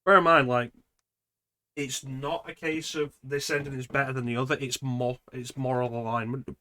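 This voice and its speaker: A man's voice: mid-range voice, fairly even intonation, normal speed, sharp tone, no echo. A man streaming a horror game, chatting casually with his audience and making sarcastic jokes. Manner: joking, sarcastic asides. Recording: noisy stream audio.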